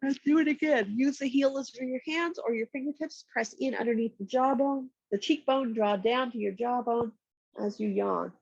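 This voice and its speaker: A woman with a stuffy, congested voice, calmly giving slow step-by-step yoga and massage cues on a nearby mic. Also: on the high side, vocal fry, husky, no room sound, lo-fi sound. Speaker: yoga instructor. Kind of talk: guided yoga instruction. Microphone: external mic nearby.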